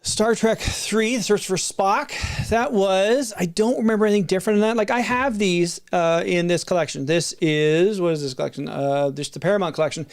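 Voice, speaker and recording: A middle-aged video creator reviews film releases in a casual, unscripted ramble marked by frequent restarts and asides, speaking at a normal speed in a mid-range voice.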